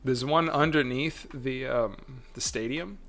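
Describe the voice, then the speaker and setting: A man's voice: medium pitch, unhurried, gravelly, a bit bright. A man hosting a casual livestream chat, rambling along and laughing often. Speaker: host.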